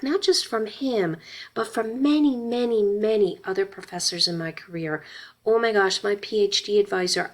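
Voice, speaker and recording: A middle-aged woman gives a conversational college lecture in a gravelly voice with noticeable vocal fry. She mixes personal stories with advice and checks in with her students as she talks. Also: mid-range voice. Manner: conversational, personal storytelling, tag questions. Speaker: college instructor. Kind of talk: recorded lecture.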